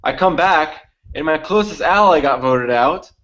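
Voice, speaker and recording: A man's voice: a little high, expressive, unhurried, fairly bright tone, dull audio. A young man co-hosting a podcast, telling a long story in casual chat, acting out quotes and swearing freely. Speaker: podcast co-host.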